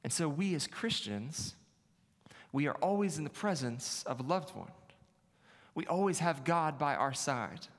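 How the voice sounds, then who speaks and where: A man's voice: a little high, expressive, a little slow. A male pastor preaching a sermon in a conversational, self-deprecating way, repeating his key phrases. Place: church sanctuary. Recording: long reverb of a large hall.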